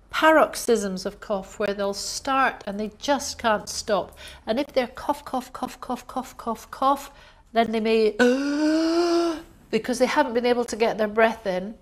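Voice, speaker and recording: Female lecturer, mid pitch, explanatory, acts out coughs. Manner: explanatory, acts out coughs and gasps, uses fillers. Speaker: homeopathy lecturer. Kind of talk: recorded lecture.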